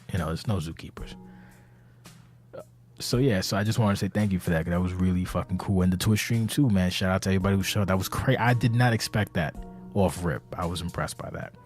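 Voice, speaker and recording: A man's voice: low voice, quick pace, soft background music. A man giving a rambling, profane, casual podcast monologue to his community, tired and anxious, talking from a seat indoors. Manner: rambling, profane, self-interrupting. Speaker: community leader of an online wrestling game league. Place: indoors, seated.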